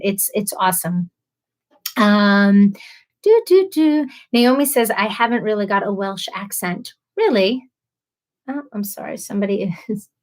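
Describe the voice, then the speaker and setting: A woman hosting a casual live stream, reading viewer comments aloud, chatty and emotional, laughing often and stumbling over names. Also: mid-range voice.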